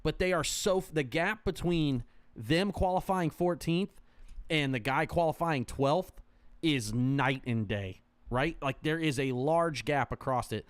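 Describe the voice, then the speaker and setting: A man co-hosting a casual podcast, talking in an animated, rambling way with lots of restarts. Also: on the high side, unhurried, clear, resonant tone, dry recording. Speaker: co-host.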